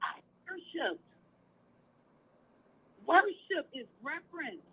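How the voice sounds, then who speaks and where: High-voiced woman caller, fervent preacher-style testimony, heard over a tinny phone line. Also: very animated, slow. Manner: fervent, quotes scripture.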